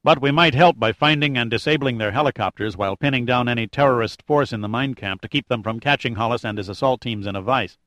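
A man voicing a calm, decisive male team leader in an audiobook, using his own steady voice. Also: medium pitch, quick pace, few pauses, dry recording, clean studio sound, natural voice. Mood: firm.

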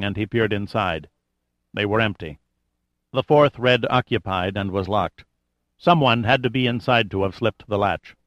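A man reading an audiobook in a measured, even storytelling manner. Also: fairly low pitch, no echo, muffled recording. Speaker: audiobook narrator. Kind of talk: scripted narration.

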